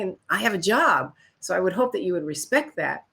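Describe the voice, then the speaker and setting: A woman's voice: fairly quick, vocal fry. An older woman from Chicago telling stories about her career in an interview, acting out other people's lines. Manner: animated storyteller, acts out quotes in higher voices. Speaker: guest. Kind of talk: storytelling interview.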